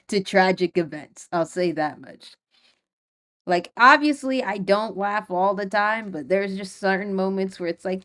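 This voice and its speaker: Speaking unhurriedly in a medium, slightly bright voice, a young woman talks on her solo podcast. Her casual, rambling chat is full of fillers and punctuated by frequent nervous laughs.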